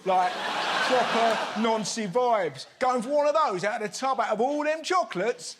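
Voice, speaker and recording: A man hosting a TV comedy show, with an animated, mocking comic delivery in a studio with a live audience. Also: very high voice, moderate pace, noisy background. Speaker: host. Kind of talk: stand-up comedy monologue and kids' interview. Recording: loud studio audience and music.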